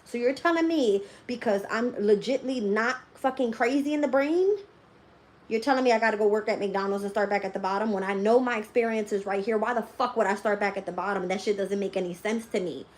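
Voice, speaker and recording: A woman's voice: on the high side, fairly quick. Blunt, profane woman tarot reader. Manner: laughs often while talking. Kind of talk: casual live-stream rant.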